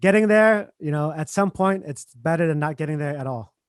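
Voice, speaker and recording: A man hosting a casual interview, talking in a relaxed way with lots of fillers. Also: on the high side, a little fast, smooth, no room sound. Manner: relaxed, filler-heavy talk. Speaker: host.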